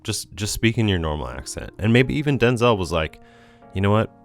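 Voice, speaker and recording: A man's voice: fairly low pitch, very animated, a little fast, vocal fry, faint music behind. A man co-hosting a movie podcast, musing at length with many fillers and the odd swear. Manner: rambling, filler-heavy, swears. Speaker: podcast co-host. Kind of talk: casual film discussion.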